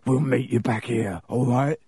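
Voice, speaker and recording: A man doing Harry, a quiet muttering schoolboy. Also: medium pitch, moderate pace, gravelly, slightly rough, dry recording, clean studio sound.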